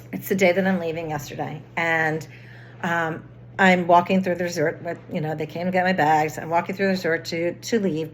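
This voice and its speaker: A woman's voice: fairly low pitch, a little hiss or hum. A woman vlogger chatting casually, rambling through a personal story with many restarts and fillers.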